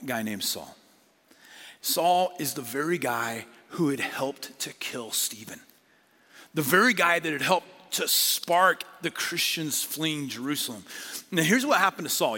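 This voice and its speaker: A man's voice: on the high side, bright, forceful tone, big-room sound. A man preaching a sermon as a pastor, speaking conversationally and acting out biblical figures in casual modern speech.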